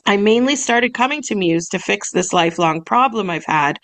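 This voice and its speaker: A woman's voice: mid-range voice, lively intonation, normal speed, a bit bright. Bubbly young woman podcast co-host. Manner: bubbly, laughs often, gets choked up. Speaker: podcast co-host, massage business owner. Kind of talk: casual chat, reading emails aloud.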